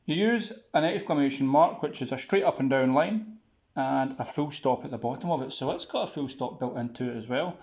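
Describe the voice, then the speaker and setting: A man's voice: medium pitch, fairly quick, creaky, a little mellow. A man teaching a punctuation lesson in a chatty, upbeat way with playful asides. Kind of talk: casual classroom video lesson. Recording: roomy, slightly dull sound.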